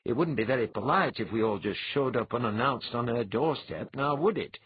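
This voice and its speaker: A man's voice: medium pitch, animated, fairly quick, husky, narrow, tinny audio. A man voicing a genial, courtly clan chief in an audiobook reading. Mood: hearty.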